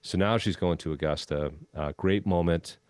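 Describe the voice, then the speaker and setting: Low-voiced man telling a story. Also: moderate pace, clean tone, no room sound. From Minnesota. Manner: relaxed anecdotal storytelling with frequent "um" and "you know". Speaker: podcast guest, former golf club head pro. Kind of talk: storytelling in a conversational interview.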